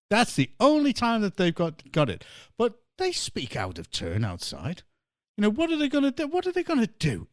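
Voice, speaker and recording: A man's voice: high voice, dry recording, studio quality. An English man hosting a podcast, chatting in a jokey way and laughing often. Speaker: podcast host. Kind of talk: casual podcast chat.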